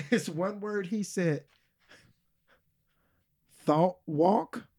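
A man co-hosting a podcast in casual chat, excitable, swearing often and laughing a lot. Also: high-pitched, extremely slow. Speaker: podcast co-host, comedian.

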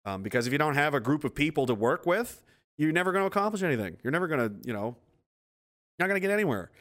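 A man's voice: on the high side, big pitch swings, fast, fairly bright tone. A man hosting a casual livestream, reading chat, rambling and profane and laughing often.

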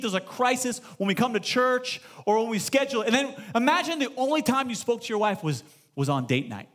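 A man in his thirties, a pastor giving a sermon in a church and telling stories with acted-out dialogue. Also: sits high. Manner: animated storytelling, acts out dialogue. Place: church sanctuary.

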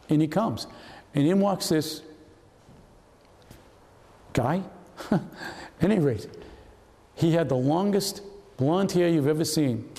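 Older guy in his 70s, gravelly mellow voice, swapping war stories in a big echoey hall. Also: fairly high pitch. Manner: lively storyteller who acts out quoted voices. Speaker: retired FBI agent guest speaker. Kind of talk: anecdotal storytelling talk. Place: hall at a historical society event.

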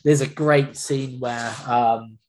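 Man, co-host, relaxed and hedging, recapping a film. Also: mid-range voice, slow, a little hiss or hum. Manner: hedging, easygoing, many fillers. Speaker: podcast co-host. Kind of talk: casual film chat.

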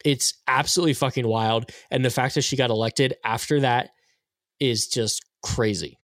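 A man's voice: medium pitch, fairly even intonation, normal speed, a bit bright, dry recording, studio quality. A man in a casual political podcast chat, talking bluntly with exasperation. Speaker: podcast panelist.

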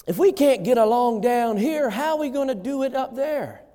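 A man delivers an impassioned sermon, his high-pitched voice climbing and dropping with lively swings. He preaches like a pastor before his congregation. The sound carries a long reverb from a church hall. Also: normal speed. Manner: impassioned preaching, rising and falling.

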